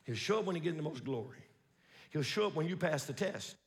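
A high-voiced male pastor preaching in a church, his pitch jumping all over. He shifts from hushed, musing asides to loud, driving preaching, with a folksy way of talking and scripture read aloud. A long reverb hangs on his voice. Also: expressive, brisk, vocal fry. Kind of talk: sermon.

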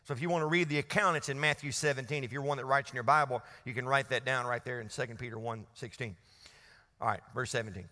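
In a church hall full of lingering reverb, a pastor preaches fast, his mid-range voice cutting with a sharp tone. He leads the congregation in call-and-response throughout the sermon.

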